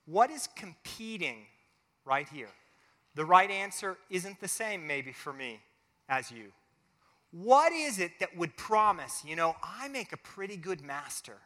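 Male pastor, high and bright, lively family sermon with acted-out voices, long church reverb. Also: unhurried. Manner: animated, acts out little quoted voices. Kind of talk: family sermon with closing prayer.

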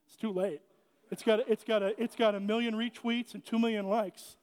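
A man's voice: high voice, little pitch movement, fairly quick, darkish tone, smooth. A man preaching a casual sermon in a church, chatty and joking, often restarting his sentences. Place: church sanctuary. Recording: echoey church hall.

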